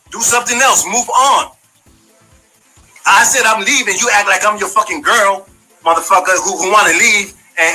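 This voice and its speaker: A man with a high, bright, husky voice, talking bluntly and profanely in a heated monologue. He addresses someone directly, in a confrontational way. Faint music plays underneath. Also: low-quality recording. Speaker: former community member giving his side.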